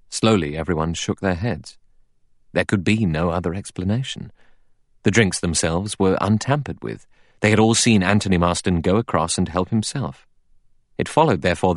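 Very deep man reading a novel aloud, steady and measured, dry close sound. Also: no room sound. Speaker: audiobook narrator. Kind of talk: scripted narration.

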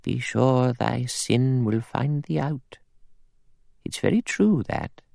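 A man voicing a stern, self-righteous elderly woman who speaks in a dry, brisk, clipped way in an audiobook. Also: fairly low pitch, wildly swooping pitch, creaky, darkish tone, no room sound, heavily acted. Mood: prim.

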